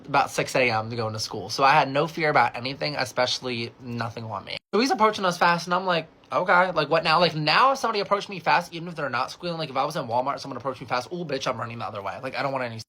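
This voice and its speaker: A man's voice: medium pitch, expressive, racing, hardly any pauses, bright, forceful tone. A young adult man from California telling a casual storytime, chatty and swearing freely, with lots of "like" as he acts out the dialogue.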